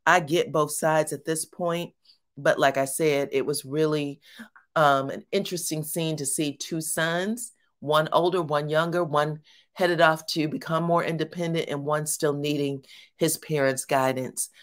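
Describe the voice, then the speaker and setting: A woman's voice: sits low, steady tone, a little slow. Chatty woman recapping a reality show. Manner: chatty, colloquial, addresses viewers as y'all. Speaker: reality TV commentator. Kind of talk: casual recap commentary.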